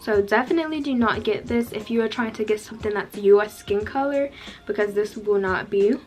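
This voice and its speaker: A woman's voice: mid-range voice, a little fast, darkish tone, soft background music. A young woman, casually talking viewers through a makeup tutorial, chatty and full of fillers. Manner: chatty, filler-heavy, addresses viewers directly. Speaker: beauty vlogger.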